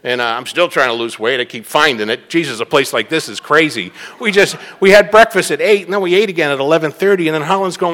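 Man, middle-aged, from the Boston area, recovery meeting speaker, rambling storyteller, bright tense tone. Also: fairly high pitch, fast, hardly any pauses, big-room sound. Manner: rambling, self-mocking storyteller with restarts. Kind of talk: personal testimony talk.

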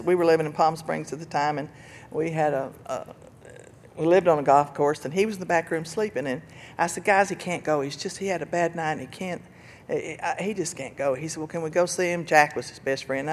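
An older woman giving an earnest personal testimony about recovery and loss, telling her story with bursts of laughter and loud quoted lines. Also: sits low, slight background noise. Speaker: speaker sharing recovery story.

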